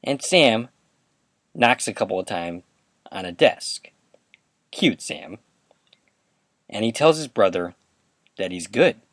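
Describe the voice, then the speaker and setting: A man hosts a rewatch podcast and retells an episode in a casual, chatty way. His pitch rises and falls a lot as he quotes the characters. The sound is close and dry, with no room echo. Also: animated, slow, pauses often, a bit bright. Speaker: podcast host. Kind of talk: episode recap commentary.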